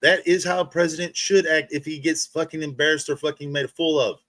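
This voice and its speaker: A man's voice: on the high side, steady tone, brisk, fairly bright tone, no room sound. A man hosting a livestream, ranting in a heated, profane monologue and restarting his sentences often. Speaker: livestream host.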